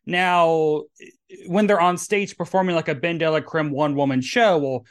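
A man's voice: a little high, steady tone, normal speed, clear, resonant tone. A man from Tennessee with a Southern accent, hosting a podcast in a campy, rambling drag persona. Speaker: podcast host. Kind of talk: casual chat.

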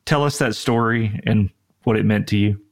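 Low gravelly male podcast host. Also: moderate pace. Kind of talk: interview questions.

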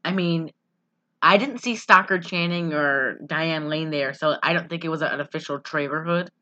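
Casual podcast co-host, woman, bright and forceful tone, slightly low voice, laughs a lot while retelling a movie. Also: normal speed, lo-fi sound. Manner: giggly, rambling, acts out quotes. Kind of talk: casual chat recapping a movie.

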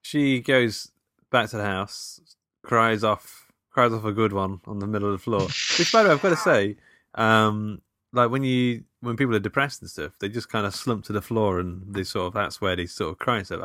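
A man's voice: fairly low pitch, lively intonation, brisk, sharp tone, no echo, clean studio sound. A man in casual chat about a film, laid-back while recapping scenes.

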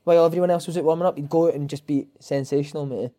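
A Scottish man in his thirties talks fast and swaps football stories in a casual chat. His voice sits a little high for a man, and he tells his tales with lively energy. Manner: lively storyteller, breaks into shouted impressions and laughter. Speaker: former footballer, podcast guest.

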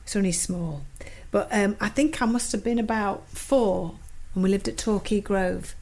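A woman's voice: medium pitch, moderate pace, a little mellow. A woman, telling stories in casual family podcast chat, repeating herself and laughing often. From Manchester, England. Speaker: podcast co-host.

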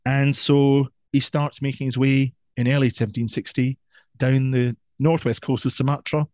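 A man's voice: medium pitch, little pitch movement, normal speed, a little mellow, no echo. Playful, emphatic male storyteller. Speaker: guest historian. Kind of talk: storytelling history talk.

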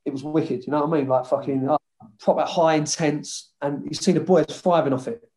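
A former footballer tells rambling stories from his playing days. He swears freely and keeps his tone loose and chatty. His voice sits a little high for a man. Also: fairly even intonation, brisk, dark tone. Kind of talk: casual storytelling interview.

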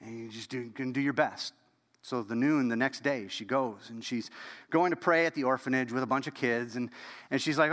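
A man preaching a storytelling sermon as pastor, animated and dropping to a hush at key moments. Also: medium pitch, moderate pace, long reverb tail.

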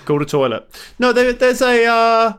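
A man's voice: extremely high pitch, animated, moderate pace, a bit bright, clean tone. A man co-hosting a comedy podcast, bantering in a dry, mocking way at his desk mic. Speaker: podcast co-host. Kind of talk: bickering comedy podcast chat. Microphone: home studio mic at a desk.

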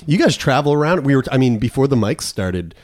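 A man's voice: medium pitch, animated, brisk, a little mellow, dry recording, studio quality. A Canadian man hosting a podcast in easy, casual chat, swearing freely and laughing often. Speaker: podcast host.

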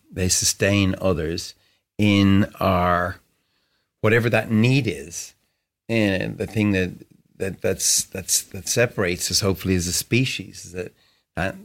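A man, a musician guest in an interview, talking reflectively and searching for words with frequent restarts. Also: low-pitched. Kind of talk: casual interview conversation.

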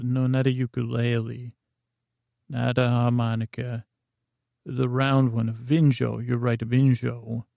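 A man spins a bedtime story off the cuff, wandering and pausing with fillers as he goes. His voice is slow, dark and gravelly, nearly flat in pitch, recorded dry and close. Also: no echo. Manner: rambling, halting, many fillers and restarts. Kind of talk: improvised bedtime story narration.

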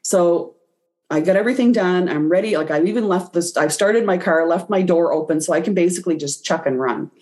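A woman's voice: on the low side, fairly quick, a little mellow. A woman guest in an interview, telling a personal story and acting out her own reactions as she goes. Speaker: guest, intuitive reader.

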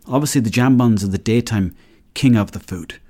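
Irish guy in his 30s rambling on his podcast, mellow voice, jokey. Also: fairly low pitch, fairly quick. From Ireland. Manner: rambling, joking, acts out little dialogues. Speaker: podcast host. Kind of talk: casual solo podcast monologue.

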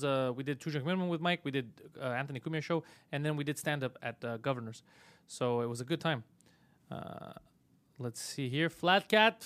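A man hosting a casual live-stream podcast, swearing freely and telling stories with animated energy. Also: fairly high pitch, no echo. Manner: profane, animated storytelling. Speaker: podcast host.

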